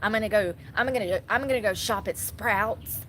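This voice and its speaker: A woman's voice: medium pitch, brisk, a bit bright, slight background noise. Sassy woman laughing as she comments. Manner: sassy, blunt, laughs often. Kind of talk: casual reaction commentary.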